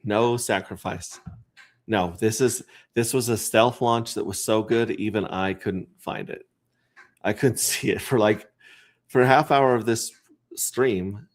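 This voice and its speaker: A man's voice: lowish voice, a little slow. A man chatting casually on a livestream, rambling and joking while he reads out names from his chat. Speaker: crypto livestreamer.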